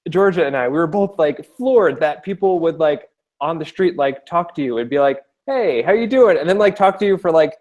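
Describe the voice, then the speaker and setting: A man's voice: fairly high pitch, a little mellow. A man from Long Island chatting as a guest on a video call, joking, rambling and laughing often. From Long Island, New York. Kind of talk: casual chat.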